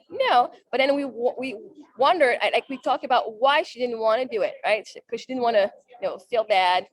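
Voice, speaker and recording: A woman podcast host, a native French speaker, talking casually to a live audience at an event, chatty and animated as she retells conversations. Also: high voice, dry recording. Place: event salon.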